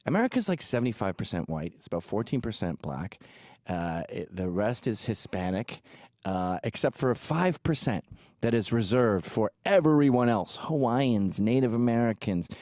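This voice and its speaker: A man's voice: lowish voice, big pitch swings, moderate pace, darkish tone, no room sound, clean studio sound. A man from England hosting a commentary show, reacting to video clips in a crude, sarcastic and mocking way. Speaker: host.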